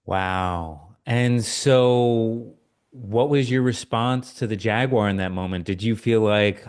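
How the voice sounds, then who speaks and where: A man's voice: on the low side, slow, darkish tone, clean tone. A young adult man hosting a spiritual podcast, reflecting back on his guest's story and asking thoughtful, leading questions. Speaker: podcast host. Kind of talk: interview conversation.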